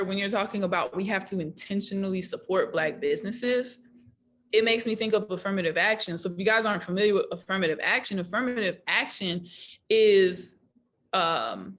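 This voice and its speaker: A woman's voice: medium pitch, fairly bright tone. Woman on a video call, thoughtful. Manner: thoughtful, storytelling, trailing fillers. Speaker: podcast co-host. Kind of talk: casual discussion.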